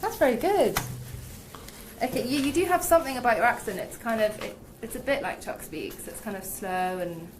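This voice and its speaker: A woman's voice: on the high side, animated, moderate pace, noisy background. Playful woman interviewer reading fan questions. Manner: playful, teasing, laughs often. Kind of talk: casual interview chat.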